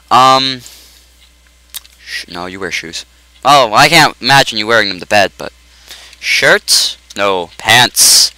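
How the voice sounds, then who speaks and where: Casting note: goofy excitable male gamer, bright forceful tone, bouncy animated delivery, dry close mic. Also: on the low side, slow, long pauses, dry recording, poor audio. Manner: goofy, excitable, yells and jokes at the game. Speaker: let's play commentator. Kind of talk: casual gameplay commentary.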